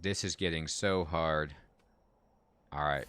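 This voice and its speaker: A man's voice: sits low, moderate pace, fairly bright tone, dry recording. A man giving casual, chatty commentary while playing a video game and reacting aloud to the action. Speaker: game streamer.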